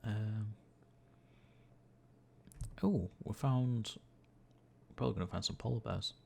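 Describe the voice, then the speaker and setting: A man's voice: lowish voice, slow pace, creaky, darkish tone. A tired, yawning man muttering and swearing to himself as he comments on his own gameplay during a livestream. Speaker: gaming livestreamer.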